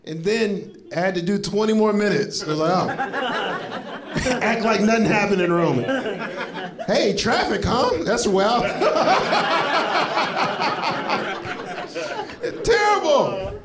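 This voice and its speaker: A man's voice: sits high, slow pace, pauses often. A male stand-up comedian from Florida telling a story on stage, acting out what people said, with laughing asides. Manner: animated storytelling with acted-out quotes and laughing asides. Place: comedy club stage before a live audience. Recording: live club recording with crowd laughter. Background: audience laughter.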